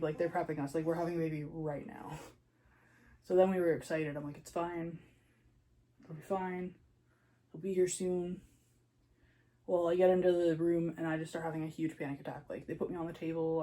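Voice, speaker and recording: A young woman with a mellow, warm voice tells a personal story casually. She talks in a chatty way, with lots of fillers, and acts out what she said in the moment. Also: sits low, rough recording. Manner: chatty, lots of "like", re-enacts her own panicked lines. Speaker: new mother telling her birth story.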